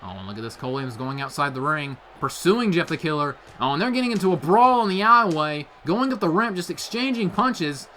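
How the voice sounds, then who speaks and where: A young man calls wrestling play-by-play in a bright, lively, fairly high voice that leaps up on every big move. His delivery is hyped and full of exclamations. A faint hiss of background noise sits under the home recording. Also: fairly quick, few pauses. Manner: hyped, frequent "oh" exclamations, rising to shouts at big moves. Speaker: play-by-play commentator for video game wrestling. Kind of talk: excited play-by-play commentary.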